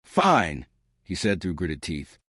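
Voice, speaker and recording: A male narrator reads a dramatic story with expressive, steady delivery. His voice is fairly low and moves widely in pitch. It is recorded close and dry. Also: moderate pace, no room sound.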